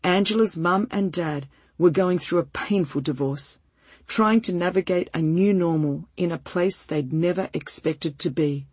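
A woman reading a first-person story aloud in a gentle, heartfelt and measured way, with a breathy voice. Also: on the low side, dry recording. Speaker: narrator.

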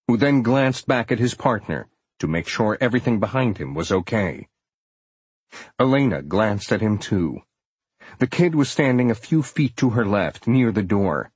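Husky low-voiced male audiobook narrator. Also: normal speed, no echo. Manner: steady, dramatic storytelling.

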